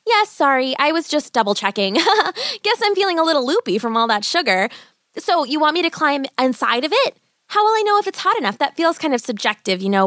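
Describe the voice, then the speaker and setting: A clever young storybook girl, chatty and quick to stall, voiced by a woman narrator. Her voice is raised well above an adult speaking pitch. The recording is close and dry. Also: fairly bright tone, no echo.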